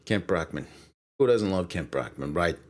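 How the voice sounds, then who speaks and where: A man's voice: sits low, lively intonation, normal speed, noisy background. A middle-aged man from Brooklyn hosting a livestream, chatting casually in a rambling, profane way with lots of fillers. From Brooklyn, USA. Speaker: streamer and show host.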